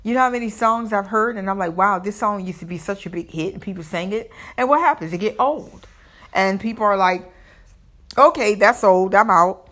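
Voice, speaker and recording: Middle-aged Southern woman, solo podcast host, lowish voice, rambling and casual. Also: fairly bright tone. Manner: rambling, repeats and restarts words.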